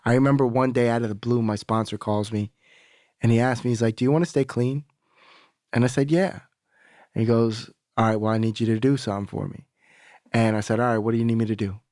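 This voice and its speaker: A man's voice: medium pitch, flat delivery, fast, a little mellow, dry recording, studio quality. A young adult man, a podcast guest, telling a candid personal story in casual talk, swearing freely and acting out the voices of people he quotes.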